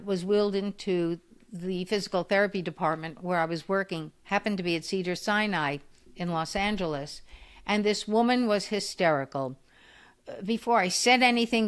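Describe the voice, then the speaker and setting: A woman in her eighties, a physical therapist guest on a podcast interview, telling stories lively and acting out the voices of the people in them. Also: mid-range voice. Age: 80s. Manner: animated storyteller who acts out quoted voices.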